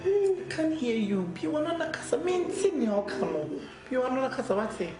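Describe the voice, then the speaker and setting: An actress plays a grieving young Ghanaian woman, pleading and praying in a high, swinging voice. Her accent is Ghanaian. The recording is roomy, with music underneath. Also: big pitch swings, fairly quick. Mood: coaxing. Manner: pleading, tearful prayer, wailing. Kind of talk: Ghanaian film drama acting. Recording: echoey room with music.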